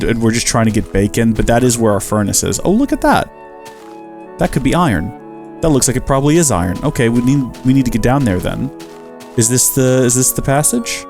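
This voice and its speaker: A man's voice: mid-range voice, darkish tone. A man giving casual, chatty commentary while playing a survival game, talking to the animals he meets and joking with himself. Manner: chatty, talks to animals and himself, jokey asides. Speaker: Minecraft let's-play host.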